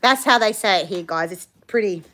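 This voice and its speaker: A woman's voice: medium pitch, expressive, a little fast, a bit bright. Chatty woman hosting a live stream. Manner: chatty, reads viewer comments, laughs easily. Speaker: vlog host. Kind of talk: casual live-stream chat.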